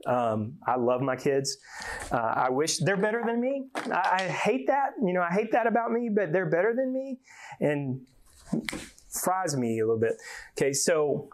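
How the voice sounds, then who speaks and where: A man's voice: fairly high pitch, very animated, moderate pace. A man from Georgia, giving a folksy, joking conference talk and often repeating words. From Georgia, USA. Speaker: conference speaker.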